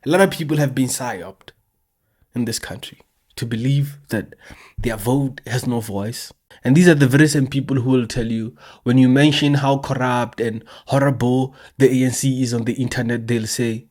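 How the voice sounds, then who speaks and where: A man's voice: mid-range voice, fairly even intonation, normal speed, a little mellow. A man delivering an indignant, mocking political monologue as a commentator. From South Africa. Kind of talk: impassioned monologue.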